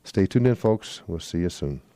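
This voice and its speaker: The host of a swing music radio show speaks expressively in a low, dark voice at a moderate pace, with slight background noise. He reads event listings in casual, rambling announcements and corrects his slips.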